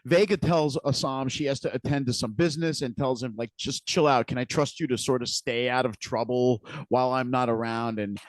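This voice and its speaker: A man's voice: medium pitch, a little mellow, dry recording. A man co-hosting a podcast, casually retelling scenes with frequent restarts and repeated words. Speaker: podcast co-host. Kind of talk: casual recap chat.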